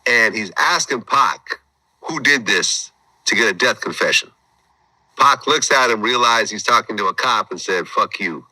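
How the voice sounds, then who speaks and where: A man hosting an interview, retelling events briskly and asking probing questions. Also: mid-range voice, animated, bright, forceful tone, dry recording, low-quality recording. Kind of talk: conversational interview.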